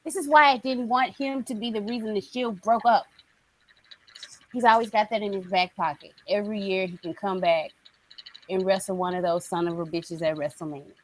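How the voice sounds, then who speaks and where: A woman's voice: mid-range voice, slight background noise, low-quality recording. A woman co-hosting a casual wrestling podcast, ranting bluntly and swearing freely. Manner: blunt, profane, animated ranting. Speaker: podcast co-host.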